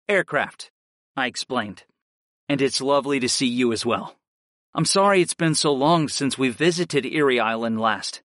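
A man reading a first-person story aloud in an expressive audiobook style. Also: medium pitch, normal speed, no room sound, clean studio sound. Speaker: narrator.

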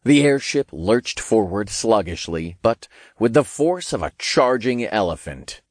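A man narrates a first-person fantasy audiobook in a low voice with a lively, swinging melody. His delivery is casual and wry, with the odd swear, recorded dry and close. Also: a little slow, no room sound.

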